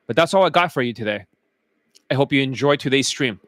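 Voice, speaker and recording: A dating coach streaming live, lecturing bluntly and with heavy profanity, his voice getting hoarse. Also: medium pitch, expressive, brisk, a bit bright, no echo. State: losing his voice. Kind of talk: livestream rant.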